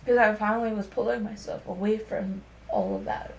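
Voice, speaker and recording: A young woman, a podcast guest, tells a personal story candidly and rawly, swearing casually as she talks. Her mid-range voice is sing-song, gravelly, darkish, and a little fast, recorded in an echoey room with faint background hum.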